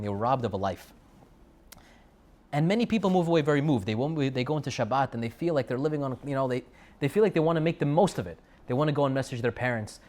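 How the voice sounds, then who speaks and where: A man's voice: mid-range voice, a little mellow. Man preaching a storytelling sermon. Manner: storytelling with repeated phrases and Hebrew terms. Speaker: rabbi giving a Torah talk. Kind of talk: sermon to students.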